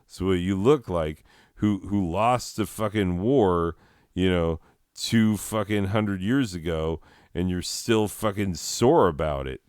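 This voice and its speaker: Brief: male comic, deep voice, smooth and clear, sarcastic profane rant. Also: takes it slowly, a little mellow, no room sound, clean studio sound. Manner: crude, sarcastic, heavy swearing. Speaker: comedian ranting.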